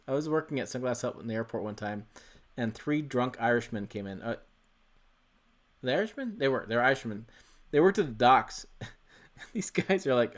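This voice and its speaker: A man hosting a casual livestream from a home office into a desk microphone, rambling, correcting himself and swearing casually. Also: medium pitch. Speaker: channel host. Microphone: desk USB microphone.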